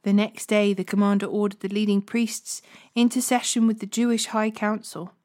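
A woman hosting a daily Bible reading, reading scripture in a measured, unhurried way. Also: medium pitch, level tone, darkish tone.

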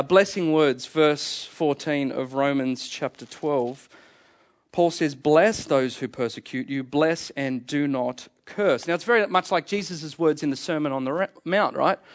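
A middle-aged man preaching a sermon, emphatic and fond of repeating key phrases. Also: on the high side. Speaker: pastor.

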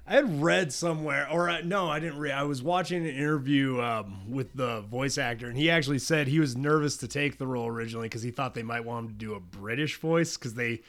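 Man, podcast co-host, casual chat, laughs a lot, bright tense voice. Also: medium pitch, a little fast, few pauses. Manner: excitable, laughs often, reads notes aloud. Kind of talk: casual chat about a cartoon series.

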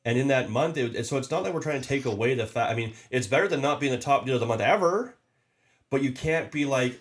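Animated and fast, this medium-pitched podcast host and sales leader gives an informal pep talk. He repeats himself with emphasis and often breaks off to restart a sentence.

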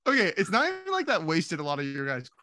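A man's voice: fairly high pitch, huge pitch swings, fast, sharp tone, no echo. A young man chatting casually with friends on a podcast, rambling as he explains himself. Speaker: podcast co-host. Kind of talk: casual chat among friends.

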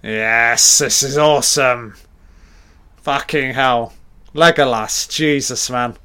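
A man gives a live reaction commentary over a film, blurting out excited, profanity-laden remarks. His voice is smooth and clear, and he talks at an unhurried pace even when he gets worked up. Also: mid-range voice.

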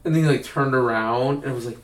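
In casual conversation on the podcast he co-hosts, a young man spins rambling tales and acts out quoted voices. His mid-range voice moves a little fast, and the recording sounds roomy from a distant mic.

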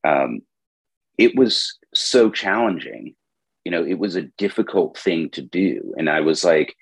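A man with an extremely deep, husky voice hosts a podcast in a measured, thoughtful way, stopping for ums and uhs. The sound is dry and close, with no room around it. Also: very animated, no echo, poor audio. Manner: measured, reflective, with frequent fillers. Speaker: podcast host, operations consultant. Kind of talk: casual podcast conversation.

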